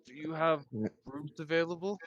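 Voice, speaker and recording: A man's voice: fairly high pitch, fairly even intonation, normal speed, a bit bright, muffled recording, voice pushed up, natural voice. A man voicing a friendly, courteous dwarf adventurer in a tabletop game. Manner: polite, formal greeting.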